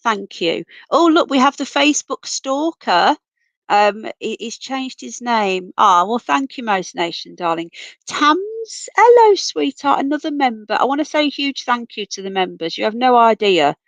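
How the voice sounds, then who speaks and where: Woman, livestream host, affectionate and chatty, a cold taking her voice, pitched a touch high, dry close sound. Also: animated, normal speed, a bit bright, no echo. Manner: chatty, calls everyone darling and sweetheart. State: voice going, coming down with a cold. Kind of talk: casual live chat reading comments. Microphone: computer mic, off camera.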